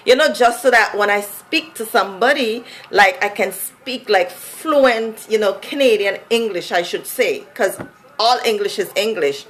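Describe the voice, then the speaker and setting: A woman's voice: mid-range voice, measured pace, a bit bright. A woman from Saint Vincent with a Vincentian accent, telling a personal story in a casual, chatty way full of fillers. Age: adult. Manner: chatty, many "like" and "you know" fillers.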